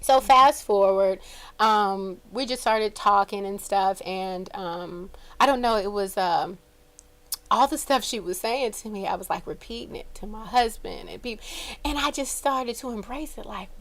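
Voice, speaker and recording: A woman with a young son, co-hosting a podcast and telling an emotional personal story in casual chat, her voice climbing high when she gets excited. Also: a little slow. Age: adult with a young son. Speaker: podcast co-host.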